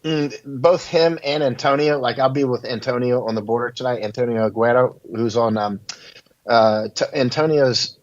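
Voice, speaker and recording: A man's voice: mid-range voice, moderate pace. A man telling rambling stories as a guest in a casual interview, laughing at his own anecdotes. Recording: dull lo-fi audio.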